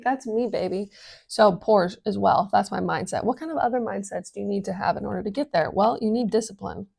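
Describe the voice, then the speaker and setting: A woman talking casually as a business coach, energetic and full of fillers, swearing now and then. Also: medium pitch, vocal fry. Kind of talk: casual explainer vlog.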